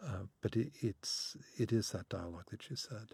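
A man's voice: on the low side, moderate pace, creaky, darkish tone, slightly rough, dry recording. A man talking as an interview guest, thoughtful and earnest, with frequent restarts and hesitations. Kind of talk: conversational radio interview.

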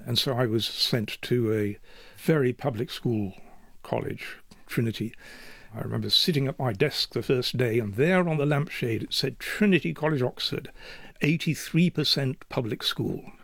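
A man's voice: mid-range voice, vocal fry, fairly bright tone, dry recording. A man in his seventies from Yorkshire, speaking thoughtfully and measuredly as an interview guest. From Yorkshire, England. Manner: thoughtful and measured, with occasional restarts. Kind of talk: reflective conversational interview.

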